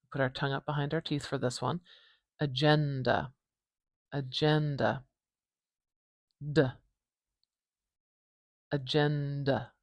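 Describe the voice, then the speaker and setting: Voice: mid-range voice, creaky, dry recording, clean studio sound. A phonetics teacher walking through a transcription, thinking aloud in a playful way and correcting themselves as they go. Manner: muses aloud, self-correcting, playful asides.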